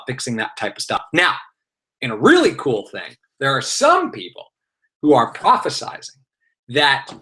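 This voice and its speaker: A man's voice: mid-range voice, pushed and bright. A man leading a live online exam review, talking energetically with fillers and playful asides.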